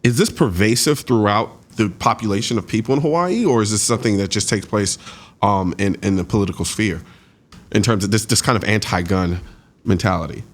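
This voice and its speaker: A man hosting an interview, asking animated, incredulous questions with frequent restarts. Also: fairly low pitch, a little fast. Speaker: host.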